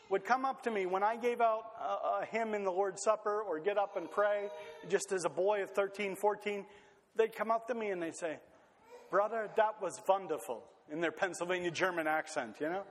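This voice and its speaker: Guy preaching a sermon, casual with little jokes, high-ish voice, long echo off the hall. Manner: conversational, joking asides.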